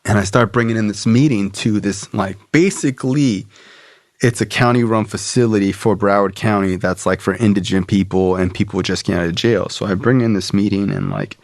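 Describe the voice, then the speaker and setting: A man's voice: on the low side, animated, a little fast, dry recording. A man guesting on a podcast, telling his story casually, loose and profane, with lots of fillers and quoted voices. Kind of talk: casual storytelling about recovery.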